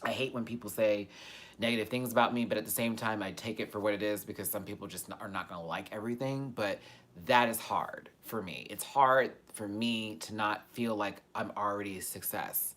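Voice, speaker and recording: A man hosting a casual live-stream Q&A, talking candidly and swearing freely, with loud animated bursts that drop to soft, quiet asides. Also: lowish voice, a little fast. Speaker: YouTube host answering viewer questions.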